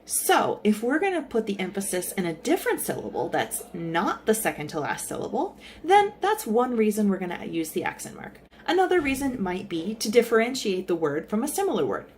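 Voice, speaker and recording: Lively woman Spanish teacher. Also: medium pitch, brisk, few pauses, slight background noise. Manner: friendly explaining, lively intonation. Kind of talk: casual online lesson. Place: in San Salvador.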